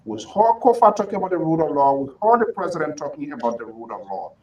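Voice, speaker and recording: A man's voice: on the high side, very animated, fast, warm tone, recorded from a distance, highs cut off. A man hosting a political talk show, interrupting and pressing his guests hard for direct answers.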